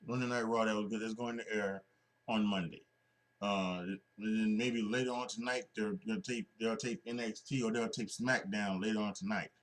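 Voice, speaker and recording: A man's voice: on the low side, fairly even intonation, normal speed. Rambling man hosting a wrestling podcast. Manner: rambling, many restarts and fillers. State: sleepy, yawning. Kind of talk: casual solo podcast talk.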